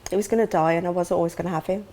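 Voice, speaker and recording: A woman's voice: steady tone, racing, mellow, slight background noise. Woman speaking candidly and emotionally. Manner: emotional, acts out quoted dialogue with sudden high gasps. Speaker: interview guest, grieving mother.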